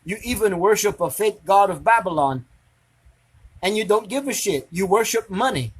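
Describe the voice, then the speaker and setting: A commentator reacting to social media drama rants to his online audience in a high, husky voice at normal speed. Animated, preachy and confrontational, he delivers an angry monologue that keeps hammering the same rhetorical questions.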